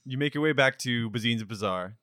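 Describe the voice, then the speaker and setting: A man narrating as game master of a tabletop game, relaxed and hesitant, filling pauses with "uh". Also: mid-range voice, no echo. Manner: relaxed, hesitant, lots of "uh" while describing scenes.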